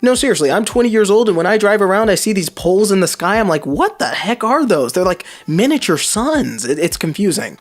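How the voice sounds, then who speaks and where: Sarcastic man with a lively, swinging voice. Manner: mocking, exasperated, lively swings in pitch. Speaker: commentator reading out social media posts. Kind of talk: sarcastic commentary.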